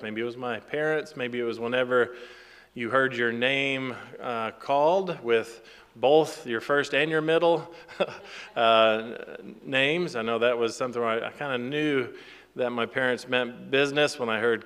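A man giving a sermon in a relaxed, conversational way, with fillers and small laughs between points. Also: mid-range voice, moderate pace, clear, resonant tone, big-room sound. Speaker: pastor.

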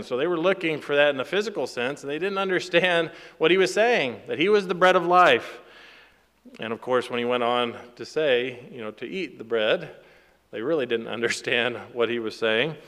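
A man giving a sermon in a relaxed, conversational way, with fillers and small laughs between points. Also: medium pitch, big-room sound. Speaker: pastor.

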